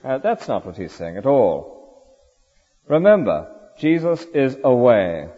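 A man's voice: mid-range voice, very animated, slow, warm tone, breathy edge. A man preaching a sermon in an earnest, rhetorical way, often ending points with tag questions. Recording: dull lo-fi recording with long hall reverb.

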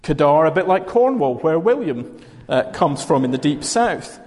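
A man's voice: a little high, big pitch swings, moderate pace, darkish tone. A Scottish man giving a sermon in a conversational way, with dry humour. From Scotland. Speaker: preacher. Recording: long hall reverb.

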